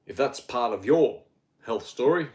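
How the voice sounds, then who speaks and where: A blunt, sardonic Australian man in his fifties with an Australian accent, rambling through a casual monologue. His voice sits at a middle pitch for a man. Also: animated, measured pace, a little mellow. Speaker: health podcaster.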